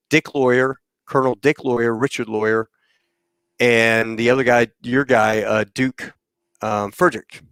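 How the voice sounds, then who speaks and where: A middle-aged man hosting a casual chat, telling an old flying story in an animated way and acting out the voices of the people in it. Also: medium pitch, smooth, dry recording. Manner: animated storyteller who acts out quoted voices. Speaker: podcast host, former KC-130 pilot.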